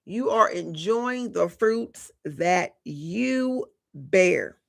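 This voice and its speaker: A woman's voice: lowish voice, animated, very slow, gravelly. A woman giving a live collective tarot reading, talking casually and directly to her viewers with slang and frequent chatty asides. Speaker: tarot reader.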